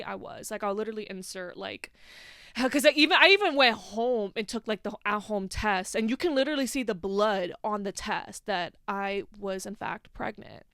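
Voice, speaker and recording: A woman's voice: mid-range voice, a bit bright, clean tone, no echo, studio quality. A young woman hosting a podcast, telling a personal story in casual chat, full of "like" fillers and swearing. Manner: chatty, heavy on "like", swears freely. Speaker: podcast host.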